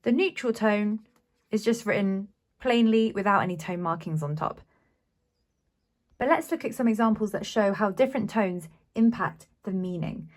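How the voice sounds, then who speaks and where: A woman's voice: medium pitch, animated, moderate pace. A woman teaching a beginners' Mandarin lesson, explaining patiently and sounding out syllables with care. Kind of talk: slow, clear language lesson.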